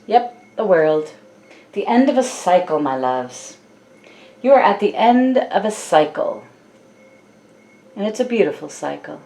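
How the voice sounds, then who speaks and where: A woman giving a channeled tarot reading, speaking softly and affectionately to her listeners with slow, drawn-out phrasing. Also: mid-range voice, big pitch swings, gravelly. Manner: soft, affectionate, addresses listeners as "my loves". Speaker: tarot card reader.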